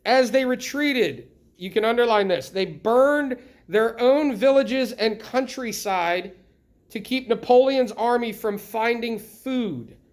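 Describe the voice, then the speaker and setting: High-voiced lively male history teacher. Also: takes it slowly. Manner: lively, asks the class frequent questions. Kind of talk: classroom lecture.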